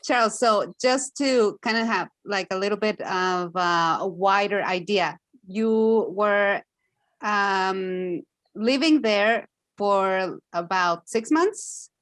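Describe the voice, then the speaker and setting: A woman teacher co-hosting a chat, measured and affirming as she asks questions. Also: medium pitch, fairly bright tone, dry recording. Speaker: teacher, co-host. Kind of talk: casual chat. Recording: dry, close sound.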